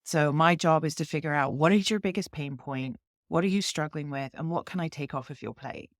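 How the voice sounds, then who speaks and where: A woman's voice: low voice, fairly quick, no room sound, clean studio sound. A woman with a British accent, a company head being interviewed, explaining her approach in long examples and acting out client conversations. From Britain. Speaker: CEO guest.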